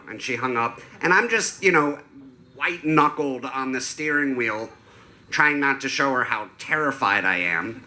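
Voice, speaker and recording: A man doing a stand-up comedy set on a club stage, telling crude deadpan stories into a handheld mic. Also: medium pitch, normal speed, a little hiss or hum. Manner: deadpan storytelling with crude jokes.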